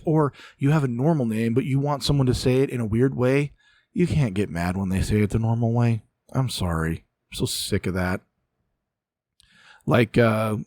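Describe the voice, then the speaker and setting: Exasperated man, low dry voice. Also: a little mellow, no echo. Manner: exasperated, ranting, sighs often. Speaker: political commentary host. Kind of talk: casual solo commentary.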